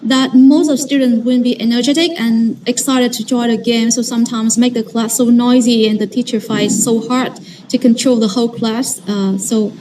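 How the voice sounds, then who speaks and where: A woman's voice: on the high side, steady tone, normal speed, far from the mic, noisy background. A woman moderating a teacher workshop, hesitantly reading out questions from the audience. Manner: hesitant, reads out questions with fillers. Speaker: session moderator.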